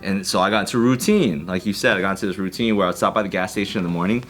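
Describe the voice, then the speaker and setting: A man's voice: low voice, very fast, fairly bright tone. A man on a podcast telling a rambling, profane story, full of fillers. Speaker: podcast guest. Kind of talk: casual chat.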